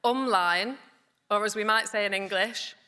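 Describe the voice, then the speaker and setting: Bolton woman fired up at a party conference, crisp bright voice, big hall echo. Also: mid-range voice, moderate pace. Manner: rousing, with light jokes. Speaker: party politician introducing a speaker. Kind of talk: conference speech. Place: large conference hall on stage. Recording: long hall reverb, faint crowd.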